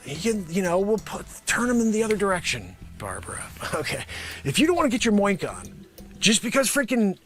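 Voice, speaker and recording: A man delivers a rambling, sarcastic comedy pitch to an imagined panel of investors. His voice sits high and swings widely in pitch as he talks back to them. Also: huge pitch swings, fairly quick, a bit bright, soft background music. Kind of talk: improvised comedy monologue.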